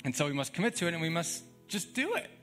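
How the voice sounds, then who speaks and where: A man's voice: a little high, big pitch swings, fast, a bit bright, faint music behind. A young man preaching a sermon as a pastor, talking in a conversational, emphatic way with frequent chuckles.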